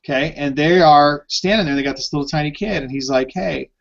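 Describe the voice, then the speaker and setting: Animated storytelling man, lo-fi sound. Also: on the high side, fast. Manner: animated anecdote-telling, swearing freely. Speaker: podcast co-host. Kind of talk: casual storytelling chat. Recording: dull lo-fi live stream audio.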